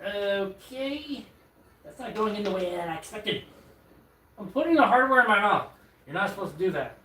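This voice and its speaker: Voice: medium pitch, expressive, normal speed, pushed and bright, distant mic. A streamer keeps up a rambling, joking commentary on a live stream, poking fun at their own clumsiness and restarting sentences as they go. The voice sits back from the microphone in a roomy, echoing space at home, with a faint hiss of noise underneath. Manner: rambling, self-mocking running commentary with stammered restarts. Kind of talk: casual live-stream chat while assembling furniture.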